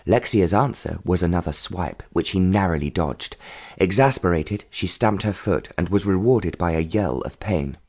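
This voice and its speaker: A man narrating a romance novel audiobook in a measured storytelling manner. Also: low-pitched, a little mellow. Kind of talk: scripted narration.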